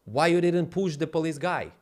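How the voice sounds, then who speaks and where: A man's voice: a little high, moderate pace, darkish tone. A man hosting a live stream, ranting off the cuff in an emphatic, profane way with non-native grammar. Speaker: livestream host. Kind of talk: heated off-the-cuff rant.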